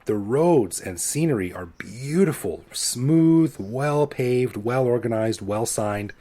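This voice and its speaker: A Canadian man in his forties co-hosting a podcast, talking in a relaxed, self-deprecating way. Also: medium pitch, takes it slowly. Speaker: podcast co-host. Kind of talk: casual chat.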